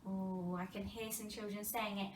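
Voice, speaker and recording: A woman with an English accent teaching a phonics lesson to young children, sounding out words slowly and with a lot of expression. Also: mid-range voice. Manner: animated, exaggerated sounding-out of words with gasps and whispers. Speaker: primary school teacher. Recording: roomy distant mic, faint background noise.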